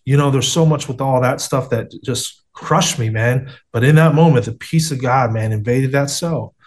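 Speaking at a moderate pace with a medium-pitched voice, a man recounts his faith story during a video call interview. His tone is earnest and street-casual, with frequent uses of "man" and "bro."

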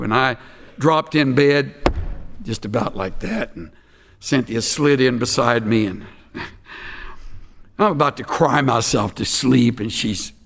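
Gravelly older pastor preaching in a hall. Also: male voice, on the high side. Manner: storytelling, swings from hushed to shouting. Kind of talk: sermon. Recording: long hall reverb.

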